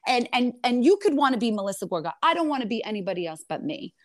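A woman's voice: a little high, sing-song, no echo, studio quality. Emphatic, indignant woman guest. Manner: emphatic, indignant, quick retorts and rhetorical questions. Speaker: reality TV star guest. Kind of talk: animated interview storytelling.

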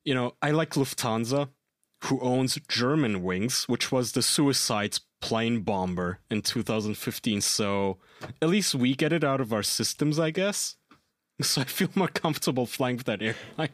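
A man co-hosting a casual podcast, telling animated stories, swearing freely and laughing at his own tales. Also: medium pitch, moderate pace, dry recording, studio quality. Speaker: podcast co-host. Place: lives in Germany.

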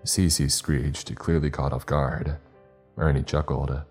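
A male horror narrator reads in a measured, steady way, his voice extremely deep and dark. It carries a husky texture, with faint music running under the reading.

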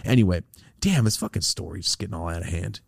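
A man hosting a podcast, telling a long rambling story in a casual, profane, animated way. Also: low-pitched, fast, creaky, breathy edge, no echo, clean studio sound. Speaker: podcast host.

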